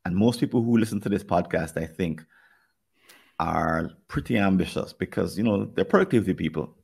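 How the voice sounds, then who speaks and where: A man's voice: low voice, lively intonation, vocal fry, a little mellow, breathy edge. A man with a Jamaican accent, talking things through thoughtfully on a podcast, often restarting his sentences. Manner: thoughtful, speaks in halting restarts. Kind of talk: podcast conversation.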